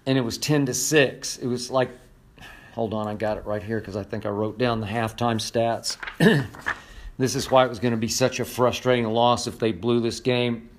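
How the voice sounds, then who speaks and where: An older man giving impassioned sports commentary, emphatic and repetitive, hoarse from losing his voice. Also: mid-range voice.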